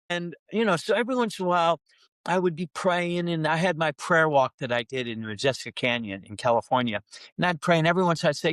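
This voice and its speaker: A middle-aged man, a pastor, telling a personal story on a podcast and acting out his own prayers, his voice climbing as he gets excited. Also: fairly quick, no room sound. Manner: animated storyteller who acts out his own prayers, pitch rising when excited.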